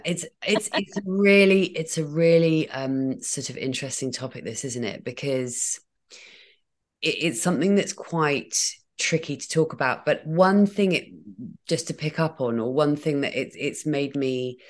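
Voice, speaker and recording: A woman hosting a podcast, talking tentatively and searching for her words. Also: sits low. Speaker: podcast host. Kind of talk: podcast conversation.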